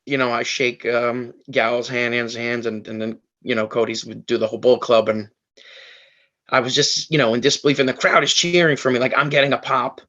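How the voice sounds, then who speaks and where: A man's voice: medium pitch, level tone, a little fast, bright, forceful tone, lo-fi sound. Rambling man telling a heartfelt story. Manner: rambling, with many fillers and restarts. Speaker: podcast guest. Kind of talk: emotional storytelling in casual chat.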